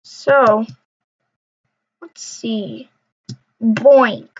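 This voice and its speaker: A young woman with a fairly high voice talks slowly and loosely while she plays, mumbling to herself and tossing out jokey trash talk. The sound is dull and lo-fi, like a cheap home mic. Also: a little mellow, slightly rough. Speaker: gamer. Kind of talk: casual gameplay commentary. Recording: dull lo-fi recording.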